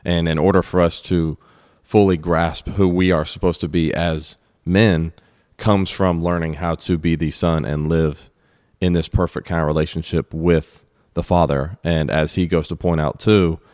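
A man co-hosting a podcast, speaking reflectively and personally about faith, with halting repeats. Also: low-pitched, fairly even intonation, darkish tone, no room sound, studio quality. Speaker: podcast co-host. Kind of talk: casual faith discussion.

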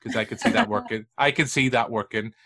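A man's voice: on the low side, fairly even intonation, fast talker, a bit bright. A man hosting a podcast, chatting casually in a rambling, jokey way and wandering off on tangents. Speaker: podcast host. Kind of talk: casual chat.

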